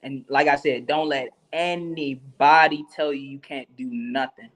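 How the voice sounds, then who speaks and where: A man's voice: fairly high pitch, steady tone, a little slow, fairly bright tone. A male guest on an interview show, giving earnest advice in a repetitive, encouraging way. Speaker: guest, musician and actor. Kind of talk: casual interview.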